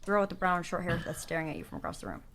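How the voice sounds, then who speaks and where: A woman's voice: fairly low pitch, very animated, rapid-fire, fairly bright tone, a little hiss or hum. A woman streaming live, telling her side in a defensive, rambling way, full of fillers. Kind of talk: casual storytelling on a call.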